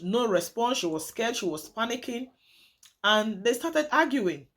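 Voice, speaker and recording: High-voiced woman telling a dramatic story. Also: sing-song, a little slow, fairly bright tone. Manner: emphatic, calls viewers "guys", repeats phrases for drama. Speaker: vlogger telling a true story. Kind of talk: dramatic casual storytelling to viewers.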